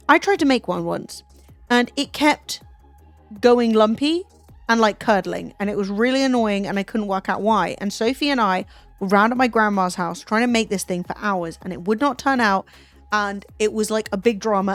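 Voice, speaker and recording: A woman's voice: medium pitch, normal speed, no room sound, soft background music. A young English woman streaming, chatting casually with lots of swearing and joking asides. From England. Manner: swears freely, animated and jokey. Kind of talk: casual chat.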